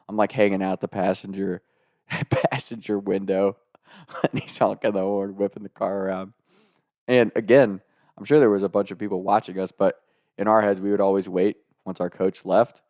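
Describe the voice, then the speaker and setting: A man's voice: low-pitched, a little mellow, dry recording, studio quality. A young man telling a casual, comic anecdote, laughing often through his own story and swearing freely.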